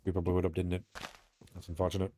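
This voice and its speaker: Young British streamer, low voice, rambling and self-mocking chat, a bit sweary. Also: male voice, completely flat delivery, fast talker, mellow, a little hiss or hum. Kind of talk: casual streaming chat while playing.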